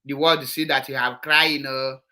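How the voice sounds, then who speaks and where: A man with a Nigerian Igbo accent delivers a heated political monologue with a forceful, sharp tone. He scolds his audience and slides between English and Igbo mid-sentence. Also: mid-range voice, steady tone, normal speed. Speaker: political commentator.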